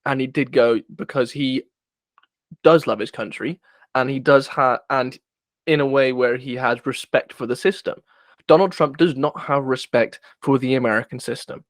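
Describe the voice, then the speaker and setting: A man's voice: mid-range voice, moderate pace, no echo. A man co-hosting a casual political podcast, rambling and searching for words with frequent restarts. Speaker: podcast co-host.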